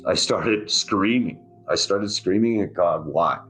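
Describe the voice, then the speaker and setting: A man with a very deep, husky voice speaks a little slowly, with a slightly bright tone. He tells his own survival story in a raw, intense way, his voice rising and falling with emotion as he recounts it in the first person.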